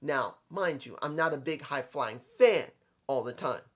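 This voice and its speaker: A man's voice: mid-range voice, expressive, a little slow. Blunt New York man recapping wrestling. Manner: opinionated, blunt, rambling with restarts. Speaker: wrestling commentator.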